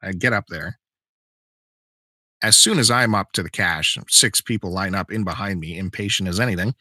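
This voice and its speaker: Man, bright, somewhat low-pitched, animated storyteller, dry close mic. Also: normal speed, no room sound. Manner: animated, acts out the people in his story. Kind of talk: casual storytelling.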